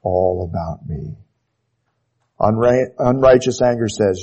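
Slow, husky male preacher. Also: animated, warm tone, rough recording. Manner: emphatic, repeats key phrases, drops to low intensity on closing words. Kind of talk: sermon.

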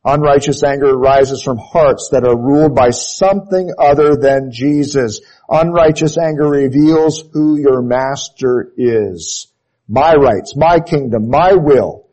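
A man preaching with deliberate, unhurried weight, hammering his points home through repetition. His voice is husky and mellow, and he often sinks to a hushed, heavy close at the end of a phrase. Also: rough recording. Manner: emphatic, repeats key phrases, drops to low intensity on closing words. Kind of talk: sermon.

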